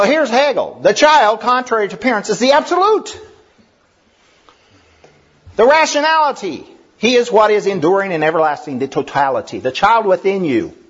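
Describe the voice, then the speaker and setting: A middle-aged man preaching a sermon, lively and given to laughing asides and acting out voices. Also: a little high, breathy edge. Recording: dull lo-fi recording.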